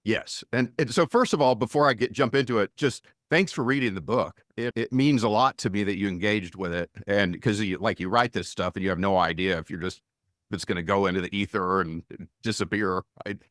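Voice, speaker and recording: A middle-aged man, a venture investor and author, explaining his ideas in an energetic, conversational interview. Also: lowish voice, a little fast, no room sound, studio quality. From United States. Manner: energetic, conversational, frequent restarts.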